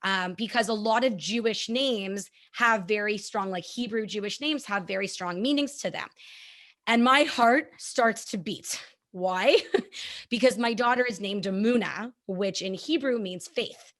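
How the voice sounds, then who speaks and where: A woman hosting a conversational interview, telling personal stories in an animated way with frequent laughter. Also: mid-range voice, measured pace. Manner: animated, laughing, acts out her own thoughts. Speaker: host.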